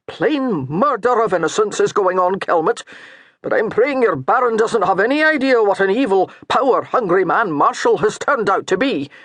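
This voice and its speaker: A woman narrator voicing a gruff, mocking male priest with a thick Scottish brogue. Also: mid-range voice, no echo, voice pushed up, natural voice. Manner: baiting, scolding, dour.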